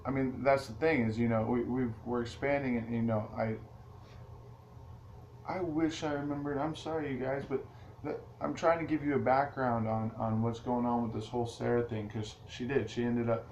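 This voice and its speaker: A man's voice: medium pitch, level tone, moderate pace, a little mellow. A man vlogging straight to his viewers in a rambling, casual way, restarting his sentences often. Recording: echoey room with faint ambient noise.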